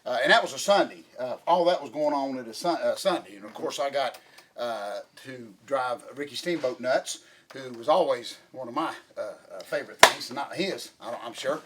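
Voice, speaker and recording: A middle-aged man hosting casual chat, excitable and rambling with many restarts. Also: mid-range voice, moderate pace, slight background noise. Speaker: podcast host.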